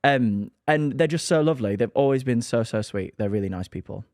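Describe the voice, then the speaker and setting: A man's voice: medium pitch, animated, darkish tone, no room sound. Giggly young guy gushing on a podcast, bouncy up and down voice, dry sound. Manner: giggly, gushing, quick to laugh. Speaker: podcast co-host. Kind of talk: casual gossip chat.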